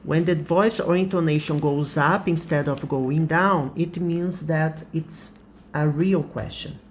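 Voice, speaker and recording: A man's voice: a little high, steady tone, unhurried, a little hiss or hum. A man whose first language is Portuguese, teaching English in a patient, explanatory way, repeating examples and laughing often. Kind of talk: slow explanatory lesson.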